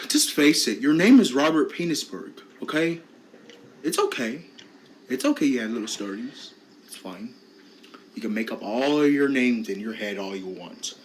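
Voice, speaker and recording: A man voicing a smug male officer and teacher who taunts in a low, slow, mocking drawl. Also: slight background noise, low-quality recording.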